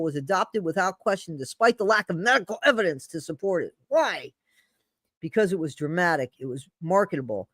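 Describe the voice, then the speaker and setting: A woman's voice: medium pitch, dry recording. A woman hosting a casual livestream, reading a blog aloud and answering her live chat in a chatty, apologetic way. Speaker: livestream host. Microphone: streaming setup mic.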